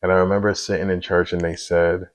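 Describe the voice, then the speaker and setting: A man's voice: deep voice, little pitch movement, a little fast, low-quality recording. A man in his thirties giving a candid personal faith testimony, earnest and confessional, with many "you know" asides. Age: 30s.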